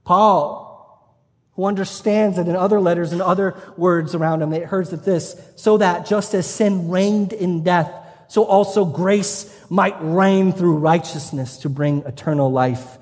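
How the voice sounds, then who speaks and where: A man with a high-pitched voice preaches in a church, moving between easy joking and earnest, passionate appeals. His voice carries a long reverb tail from the big hall. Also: unhurried, a little mellow. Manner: passionate, conversational preaching with humor. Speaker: pastor. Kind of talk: sermon. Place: church sanctuary.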